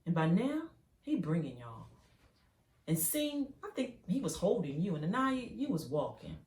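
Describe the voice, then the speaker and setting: A woman performing an intense dramatic monologue, swinging from hushed to loud as she tells it. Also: fairly low pitch, sing-song, moderate pace. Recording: roomy, from a distance.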